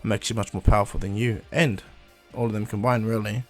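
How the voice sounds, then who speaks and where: A man voicing a calm, self-assured young male ninja prodigy who speaks quietly. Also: fairly low pitch, fast, faint music behind, lightly acted.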